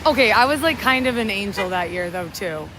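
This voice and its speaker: A woman's voice: mid-range voice, expressive, brisk, pushed and bright, poor audio. A woman in her twenties from upstate New York, chatting casually on a walking livestream and thanking viewers as she goes. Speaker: livestream host. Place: city street at night, outdoors in rain. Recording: street noise under the voice.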